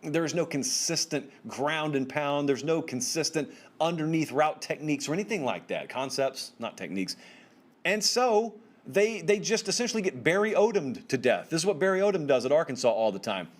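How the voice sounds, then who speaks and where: On his solo college football commentary show, a man speaks at normal speed in an animated, emphatic, conversational way. His pitch swings upward for stress, and he uses casual slang while addressing viewers directly.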